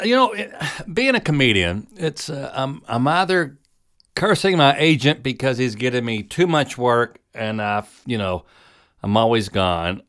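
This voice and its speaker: A middle-aged comedian talks to his listeners in a loose, rambling way. He is full of fillers and side turns, with a voice of ordinary pitch. The tone is casual and unhurried, like a friendly chat. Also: fairly bright tone. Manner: rambling, chatty, many fillers. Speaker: comedian and show host. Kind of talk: casual monologue.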